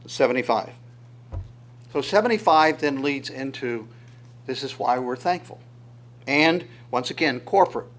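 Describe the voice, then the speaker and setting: A man's voice: mid-range voice, unhurried, pauses often. A man preaching a sermon verse by verse, asking rhetorical questions and chuckling now and then. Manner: animated, voices God's words in quotes, asks rhetorical questions, chuckles. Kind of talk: sermon teaching through Psalms.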